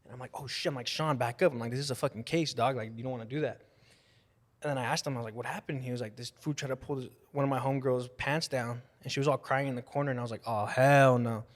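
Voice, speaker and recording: A young man, a guest on a casual podcast, speaks very fast in a mid-range voice as he tells profane stories about parties and fights. He animatedly voices what other people said, and the room adds a long reverb.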